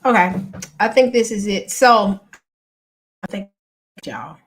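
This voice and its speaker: Slow-talking woman host. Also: mid-range voice, expressive, breathy edge. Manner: exasperated, chatty, addresses viewers as y'all. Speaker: channel host. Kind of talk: casual chat to viewers.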